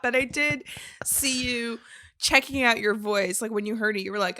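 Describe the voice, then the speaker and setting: Bright giggly woman podcast co-host. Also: fairly high pitch, normal speed, no echo, clean studio sound. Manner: giggly, animated, rambling. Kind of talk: casual chat.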